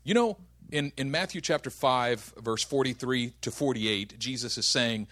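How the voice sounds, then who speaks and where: This is a man in his thirties, a pastor, whose mid-range voice is a bit bright and moves at normal speed. His sermon opens with humorous family anecdotes and climbs into passionate preaching.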